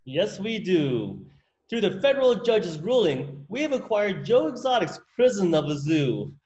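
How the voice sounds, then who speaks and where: A man plays a meek, goofy husband in a comedy sketch parody. His voice is fairly high and swings around a lot, recorded with a dull, lo-fi sound. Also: very animated, a little slow, darkish tone. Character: meek husband of the sanctuary owner.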